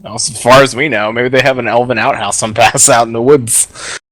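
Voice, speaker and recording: A man's voice: mid-range voice, fairly even intonation, fairly quick, a bit bright. A man co-hosting a casual podcast panel, joking and laughing often as he talks.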